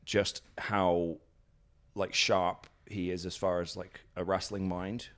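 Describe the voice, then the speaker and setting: Rambling British man, low voice. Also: little pitch movement, slow, fairly bright tone. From Britain. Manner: rambling, many fillers and restarts, acts out quotes. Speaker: guest, professional wrestler. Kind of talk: casual interview storytelling. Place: at his house.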